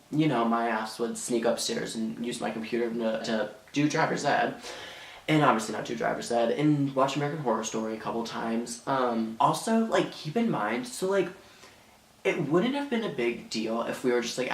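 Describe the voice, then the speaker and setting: A man's voice: mid-range voice, expressive, moderate pace. A teenage boy telling a dramatic storytime in a rambling way, full of fillers. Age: teens. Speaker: vlogger. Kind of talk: storytime vlog. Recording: echoey room.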